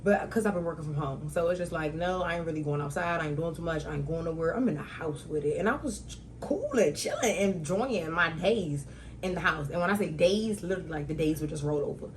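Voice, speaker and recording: Lively young woman hosting a solo talk show. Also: deep voice, fairly quick, a little hiss or hum, poor audio. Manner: animated storytelling with loud outbursts and slang.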